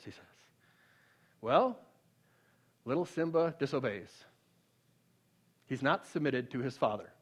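A husky-voiced preacher speaks expressively and a little slowly, leaving long pauses. His sermon swings from loud, emphatic peaks to quiet, hushed narration, and he often repeats words while restarting.

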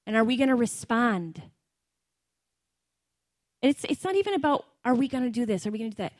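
A woman's voice: on the high side, big pitch swings, a little fast, a little mellow, dry recording. A middle-aged woman preaching a sermon in an earnest, conversational way, often slipping in ums and asides.

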